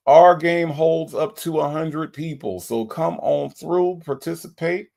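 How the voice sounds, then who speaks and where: A man's voice: a little high, big pitch swings, unhurried, gravelly, darkish tone. A man hosting a casual livestream, greeting viewers by name in a folksy, chatty way. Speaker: livestream host.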